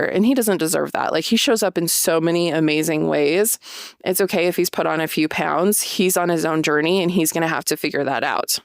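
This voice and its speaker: Chatty woman with a gravelly edge. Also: fairly low pitch, no echo, studio quality. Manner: chatty, rambling storyteller with many fillers. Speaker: podcast host. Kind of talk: casual personal monologue.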